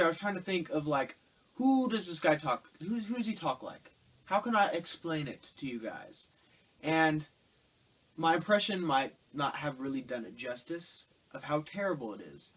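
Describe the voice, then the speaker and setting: A man reviewing a film in a loose, rambling rant, his voice sitting a little higher than most men's. He sounds exasperated and sarcastic throughout, piling complaint on complaint. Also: a bit bright, rough recording. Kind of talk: casual ranting film review.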